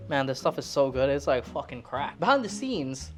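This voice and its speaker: A woman's voice: normal speed, faint music behind. A woman in her late twenties chatting casually while cooking, joking, swearing and rambling. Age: late 20s. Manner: lively, jumps up high when excited. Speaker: cooking vlogger.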